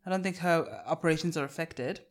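A South African woman with a South African accent, co-hosting a podcast in candid, animated casual chat. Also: sits low, brisk. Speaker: podcast co-host.

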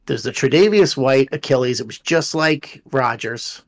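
A man's voice: mid-range voice, expressive, moderate pace. A man co-hosting a podcast, chatting casually about football, blunt and swearing. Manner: blunt, swears, jokes about his team. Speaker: podcast co-host. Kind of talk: casual sports chat.

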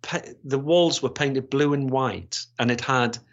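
A man's voice: medium pitch, a little slow. Man in his sixties, rambling, restarts and fillers, retired police officer, dull lo-fi sound. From Gateshead, England. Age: 60s. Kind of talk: storytelling interview.

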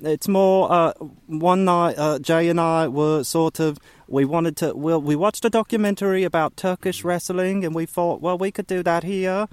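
A man's voice: on the high side, moderate pace, few pauses, clean tone, dry recording, natural voice. A man playing a self-pitying, divorced male roommate with an accent, stammering and hesitant in a gloomy improv comedy scene. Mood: rambling.

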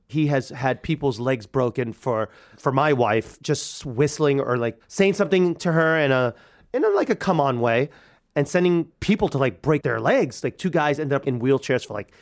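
A man in his thirties telling a personal story, animated and acting out the people he quotes. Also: a little high. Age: 30s. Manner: animated, acts out quoted voices. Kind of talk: personal story told to a radio audience.

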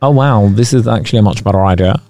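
A man, co-hosting a casual podcast with jokey, animated banter. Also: on the low side, fast, dry recording. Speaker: podcast co-host. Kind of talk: casual chat.

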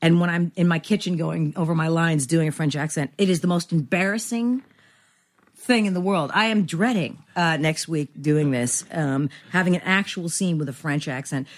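A woman's voice: low-pitched, moderate pace. A middle-aged woman actor talking candidly as an interview guest, rambling and self-deprecating with many fillers.

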